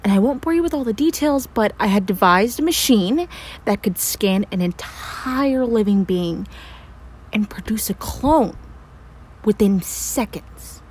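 A woman's voice: medium pitch, expressive, unhurried, a little mellow, slightly rough. A woman playing a frantic young scientist in an audio role-play, stammering, breathless and swearing. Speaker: voice actor.

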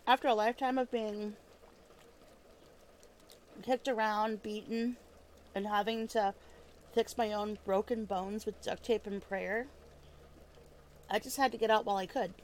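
A woman's voice: mid-range voice, steady tone, a little slow, pauses often, a little mellow, slight background noise, lightly acted. A woman acting as a weary, foul-mouthed female ex-killer trying to live in peace, talking casually with lots of fillers and restarts, sometimes with her mouth full, in an audio role-play drama. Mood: bitter. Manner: chewing food while talking.

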